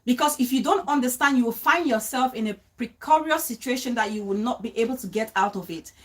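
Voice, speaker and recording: A woman's voice: a little high, brisk. A woman hosting a casual livestream, talking straight to her viewers, repeating her points and breaking off to greet people in the chat. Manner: animated, repeats phrases, greets chat viewers mid-sentence, laughs easily. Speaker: livestream host. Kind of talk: casual live-stream talk to viewers.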